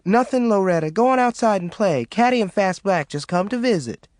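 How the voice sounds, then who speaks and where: A man doing a high, exasperated young mother, snappish, very dry close sound. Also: animated, fairly quick, darkish tone, dry recording. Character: fed-up young Southern mother, sharp-tongued.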